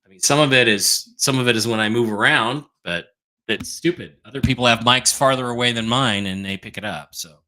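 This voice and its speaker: A man hosts a casual livestream, his voice bright and forceful. He answers viewer questions flatly and dismissively. His level dips whenever he pulls back from the desk microphone. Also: mid-range voice, fairly quick. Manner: blunt, dismissive, thinks aloud while fiddling with mic settings. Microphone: desk microphone whose level drops as he moves away.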